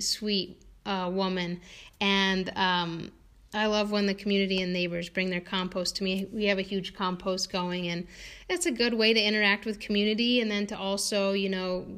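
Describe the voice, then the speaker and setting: A woman's voice: mid-range voice, fairly bright tone. A woman, a homeopath, talking casually and chattily, with many fillers and restarts, and laughing now and then. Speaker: homeopath and podcast guest. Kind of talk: casual conversational talk.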